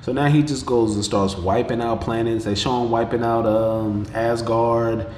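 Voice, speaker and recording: Male podcast host, mid-pitched, slangy and profane recap delivery, echoey room. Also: moderate pace, a little hiss or hum. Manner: slangy, profane, animated retelling with quoted voices. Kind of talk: casual episode recap. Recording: roomy echo with faint background ambience.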